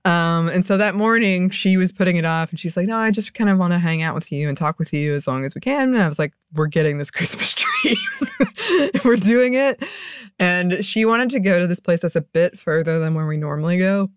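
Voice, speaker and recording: A woman's voice: on the low side, quick pace, few pauses, clear, resonant tone, no echo, clean studio sound. A woman co-hosting a podcast, telling a story in a casual chat, laughing often. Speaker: podcast co-host.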